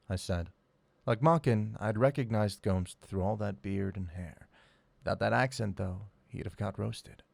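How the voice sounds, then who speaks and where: A man narrates a first-person audiobook in a wry, sardonic tone. His voice is low and gravelly, and it sounds close and dry with no room around it. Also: a little slow, darkish tone, dry recording.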